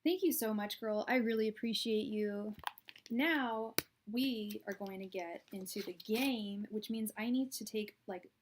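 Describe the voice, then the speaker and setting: A woman's voice: mid-range voice, measured pace, a little hiss or hum. A young woman doing a live-stream tarot reading, chatty and blunt, talking straight to her viewers. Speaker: tarot reader.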